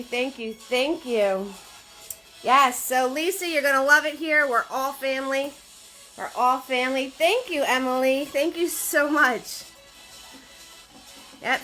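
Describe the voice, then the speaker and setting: Woman, painting instructor, live stream, chatty, laughing, sharp bright tone. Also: sits high. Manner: chatty, greets viewers by name; laughs often, sometimes sing-song greetings.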